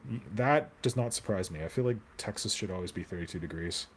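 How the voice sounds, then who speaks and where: A man's voice: deep voice, lively intonation, fast, breathy edge. Rambling jokey man streaming. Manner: rambling, jokey, answers viewer chat aloud. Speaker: hobby streamer. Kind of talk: casual live-stream chat.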